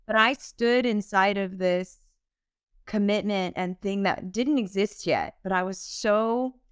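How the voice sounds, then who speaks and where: A woman's voice: mid-range voice, slow pace, smooth, no echo, studio quality. A young woman, a singer-songwriter, telling her story as an interview guest in an earnest, emotional way, laughing often. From United States. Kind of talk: candid podcast interview.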